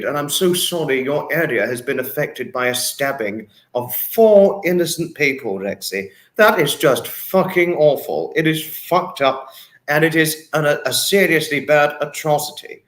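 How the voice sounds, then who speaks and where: A man's voice: fairly high pitch, expressive, normal speed. Emotional man hosting a livestream. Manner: emotional, repetitive, dwells on words. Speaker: livestream host. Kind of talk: casual livestream chat reading viewer comments. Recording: echoey room.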